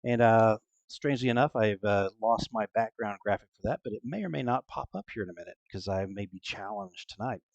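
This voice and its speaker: Give me a low-voiced man introducing a tabletop game stream as game master. He rambles with lots of fillers. The sound is dry and close. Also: brisk, vocal fry, few pauses, no room sound, highs cut off.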